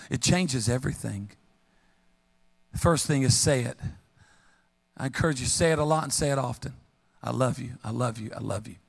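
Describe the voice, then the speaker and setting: Gravelly, humorous preacher in a reverberant hall. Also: male voice, a little high. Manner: humorous, animated storytelling with call-and-response. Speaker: pastor. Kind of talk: sermon. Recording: long reverb of a large hall.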